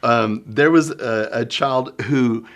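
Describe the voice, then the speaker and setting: A middle-aged man, a children's minister giving a conference workshop talk, folksy and animated as he acts out scenes. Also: mid-range voice, slow pace, muffled recording. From Oklahoma, US. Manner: folksy sayings.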